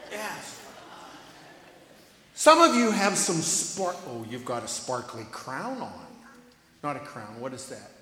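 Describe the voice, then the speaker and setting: A man leading a children's sermon in church, playful and animated, asking the kids lots of questions. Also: medium pitch, slow, long pauses, a little hiss or hum. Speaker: pastor giving children's sermon. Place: church sanctuary. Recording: reverberant church hall.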